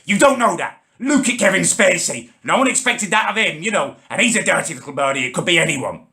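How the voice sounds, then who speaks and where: A young man rants indignantly to camera, his voice climbing into shouts. His tone is gravelly and bright. His pitch leaps widely as he gets worked up. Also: lively intonation, quick pace, hardly any pauses. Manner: indignant, shouting ranting with Northern English slang. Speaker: comedy channel host. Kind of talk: comedic rant to camera.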